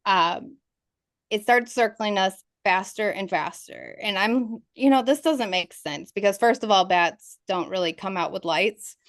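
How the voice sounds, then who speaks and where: A woman's voice: mid-range voice, a little slow, dry recording, studio quality. A woman, a ghost investigator guest, telling her experiences as a vivid storyteller who laughs through the tense moments. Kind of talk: interview storytelling.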